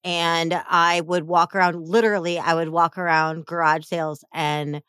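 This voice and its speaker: A woman hosting a podcast, talking frankly and lively with quick asides. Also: fairly low pitch, smooth, no echo, studio quality. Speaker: podcast host. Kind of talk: podcast conversation.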